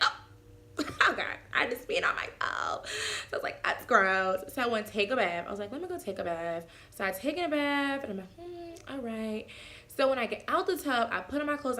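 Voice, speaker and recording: Young woman vlogging a story, mid pitch, jumps high when she quotes ppl. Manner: animated, acts out quotes with voice swings. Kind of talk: casual storytime.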